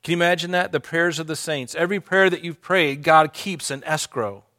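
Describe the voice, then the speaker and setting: A man preaching a sermon in an earnest, conversational way, slowing and lifting his voice when reading scripture aloud. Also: a little high, sharp tone. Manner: conversational asides to the congregation. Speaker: pastor.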